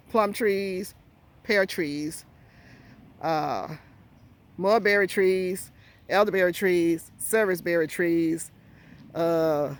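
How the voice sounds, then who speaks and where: Outdoors, a gardening vlogger gives a casual, rambling walking tour of a garden in a medium-pitched voice. Out of breath, they pause now and then to recall plant names.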